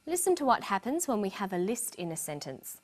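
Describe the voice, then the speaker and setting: Woman explaining English intonation clearly. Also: mid-range voice, very animated. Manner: slow, clear explanatory delivery. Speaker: English teacher. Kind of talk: scripted lesson narration.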